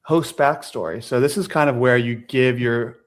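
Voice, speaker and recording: A man appearing as an interview guest, calmly walking through a software demo step by step with easy fillers over a video call. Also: mid-range voice, moderate pace. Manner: easygoing, explaining step by step with fillers. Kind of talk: product demonstration in an interview.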